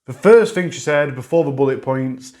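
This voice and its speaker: A man's voice: mid-range voice, lively intonation, moderate pace, a little mellow. A man hosting a true crime channel, talking viewers through a case update in a conversational way and correcting his own earlier slips. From England. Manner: conversational, recapping and correcting himself, regional grammar.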